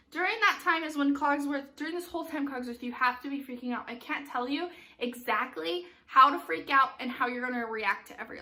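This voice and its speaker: A woman with a high, bright voice leads an online youth theater class. She talks her students through the blocking in an upbeat, instructive way and keeps checking that they follow. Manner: upbeat, instructive, frequent "okay?" check-ins. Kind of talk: online class giving stage directions.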